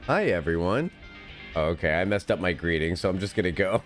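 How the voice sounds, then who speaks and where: Giggly low-voiced man streaming a game. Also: animated, a little fast, faint music behind. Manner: chatty, giggly, talks to chat and teammates. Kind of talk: live gameplay commentary.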